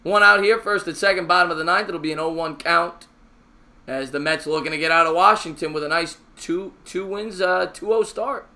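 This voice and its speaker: A man hosting a live stream, giving fan play-by-play of a baseball game. He is chatty and answers viewer comments between pitches, and he gets excited and raises his voice on big plays. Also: moderate pace.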